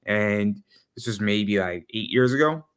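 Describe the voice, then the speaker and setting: A man guesting on a casual podcast, talking in an easygoing, halting way. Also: on the low side, lively intonation, a bit bright, clear, resonant tone. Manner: halting, easygoing, restarts sentences. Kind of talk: casual chat.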